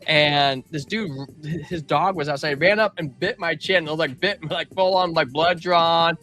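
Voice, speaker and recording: Co-host, male, young adult, animated rambling storyteller; bright voice, faint music underneath. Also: on the high side, measured pace. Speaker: podcast co-host. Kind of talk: casual livestream chat.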